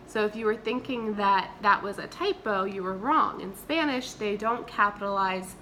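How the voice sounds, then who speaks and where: A woman's voice: medium pitch, pushed and bright, slight background noise. A woman teacher, leading a remote vocabulary lesson and having the class repeat words after her. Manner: slow, clear repeat-after-me drilling. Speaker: Spanish teacher.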